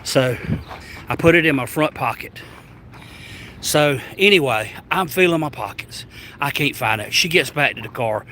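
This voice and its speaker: A man with a Southern US accent, telling a travel story to his vlog audience in a rambling, animated way with stammered restarts. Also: medium pitch, moderate pace, slight background noise. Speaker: travel vlogger. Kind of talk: casual storytelling.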